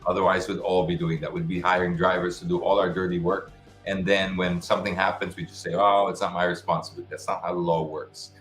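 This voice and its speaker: A show host with a very low, deep, slightly bright voice answers viewer questions on a live stream, speaking casually and quickly in a level tone. His advice is frank, and he often restarts sentences. The space sounds roomy and echoey, with faint music underneath.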